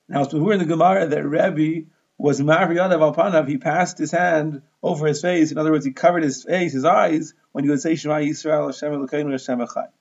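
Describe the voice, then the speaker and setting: Male Talmud teacher, gravelly and a touch high, methodical explainer, muffled lo-fi sound. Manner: steady, methodical explaining, Hebrew and Aramaic terms mixed into English. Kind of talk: explanatory lesson.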